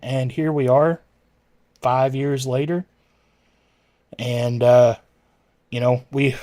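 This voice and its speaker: Man streaming live, casual rambling chat, mid-pitched voice, dry close sound. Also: slow, long pauses, dark tone, no echo. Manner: rambling and self-correcting, answering chat messages. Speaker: livestreamer chatting with viewers.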